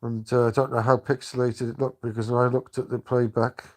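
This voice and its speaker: An older man chatting on a live stream, halting and rambling with many restarts. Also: mid-range voice, flat delivery, a little mellow. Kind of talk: casual live-stream chat.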